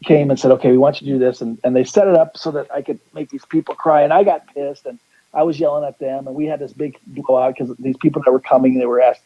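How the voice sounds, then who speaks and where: Husky-voiced man telling a rambling story. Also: mid-range voice, steady tone, quick pace, muffled recording. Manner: rambling, restarts sentences, acts out quotes. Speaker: guest psychic. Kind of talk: casual storytelling on a call-in radio show.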